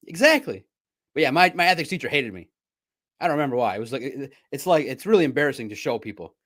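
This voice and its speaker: A man's voice: mid-range voice, animated, quick pace, fairly bright tone. A man hosting a casual sports livestream, rambling and self-deprecating, often laughing at himself. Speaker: sports podcast host and reporter.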